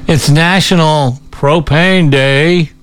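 A man's voice: a little high, fairly even intonation, slow pace, a bit bright, clear, resonant tone. Chatty male radio host. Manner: chatty, stumbles over hard words. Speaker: radio morning show host. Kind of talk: casual radio banter.

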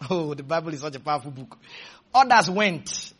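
A male preacher delivering a sermon, emphatic and loud, leading the congregation in call-and-response and telling stories with playful asides. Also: a little high, animated, slow. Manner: emphatic, with sudden shouted bursts and call-and-response.

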